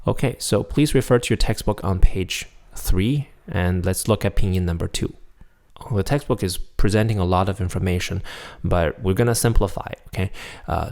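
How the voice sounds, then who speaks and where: A man's voice: low voice, vocal fry. A man teaching a pronunciation lesson, demonstrating sounds and checking in with the listener often. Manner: demonstrates tones, checks in with "right?" and "okay?". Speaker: Chinese teacher.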